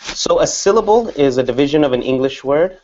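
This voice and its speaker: A man's voice: fairly high pitch, lively intonation, brisk, warm tone, muffled recording, slight background noise. A man teaching an English class, explaining patiently and repeating example words.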